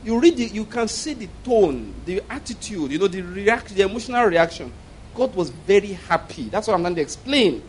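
A man preaching a humorous, animated sermon, often checking whether his listeners follow him. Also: high voice, a little fast, slight background noise. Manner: humorous, animated storytelling, asks the congregation questions.

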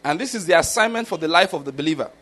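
A man's voice: a little high, lively intonation, rapid-fire, fairly bright tone. A middle-aged man with a Nigerian accent preaching a conversational sermon, often stopping to ask whether his listeners follow. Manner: keeps checking if listeners follow.

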